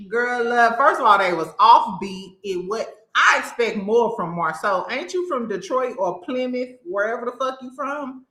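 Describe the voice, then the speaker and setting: Woman host, blunt and mocking reality TV commentary, crisp bright tone. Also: on the high side, animated, normal speed, hardly any pauses, echoey room. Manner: blunt, sassy, cursing, mocking impressions. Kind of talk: casual opinionated commentary.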